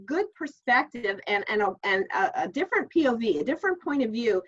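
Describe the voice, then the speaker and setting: A woman's voice: a little high, big pitch swings, brisk. A middle-aged woman author telling stories in a casual interview, chatty with many restarts. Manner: chatty, warm storyteller, many fillers and restarts. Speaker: author and guest. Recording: dull lo-fi call audio.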